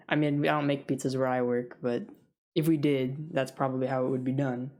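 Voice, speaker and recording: A young woman with a notably low voice rambles through a casual rant, full of fillers and little laughs. She talks loosely and informally, like venting to a friend. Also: steady tone, moderate pace, darkish tone. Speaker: food service worker.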